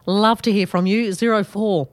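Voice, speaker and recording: A woman's voice: mid-range voice, steady tone, normal speed, dry recording. A woman with an Australian accent hosting a community radio sports show, talking in a chatty way with frequent fillers and restarts.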